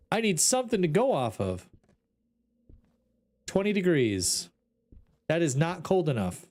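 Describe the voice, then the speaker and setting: A man's voice: on the high side, sing-song, slow, long pauses, darkish tone. A man streaming a ghost-hunting game, talking to his chat in an exasperated, joking way. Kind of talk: casual gameplay commentary.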